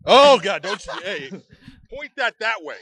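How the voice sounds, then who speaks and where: A man co-hosting a podcast, teasing and goading his friend through a spicy chip challenge and laughing loudly. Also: high-pitched, very animated, measured pace, vocal fry. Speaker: podcast co-host. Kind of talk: casual chat, teasing.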